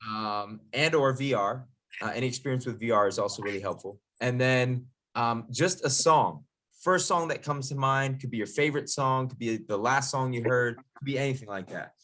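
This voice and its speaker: A man's voice: mid-range voice, moderate pace, a bit bright. A man as a DJ instructor, leading a casual online workshop in an upbeat, chatty, jokey way over a video call.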